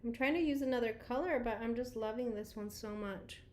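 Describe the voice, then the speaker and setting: A woman's voice: fairly high pitch, a little fast. A woman in her thirties, a beauty vlogger chatting casually on a livestream, greeting viewers and laughing often.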